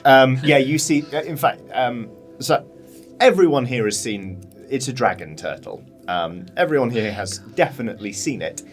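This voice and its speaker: Animated British man running a game. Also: mid-range voice, moderate pace, faint music behind. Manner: animated narration with sound effects. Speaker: dungeon master. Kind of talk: narrating a tabletop game.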